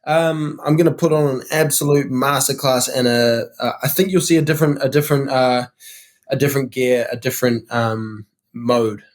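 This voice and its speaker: A man from New Zealand with a New Zealand accent, a boxer answering interview questions in a laid-back, halting way. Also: mid-range voice. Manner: laid-back, hesitant with fillers. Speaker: guest boxer.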